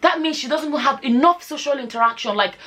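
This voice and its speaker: A woman's voice: high-pitched, animated, fairly quick, fairly bright tone. A Nigerian woman with a Nigerian accent giving her views on a casual vlog, firing off rhetorical questions and slipping into Nigerian Pidgin. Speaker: vlogger.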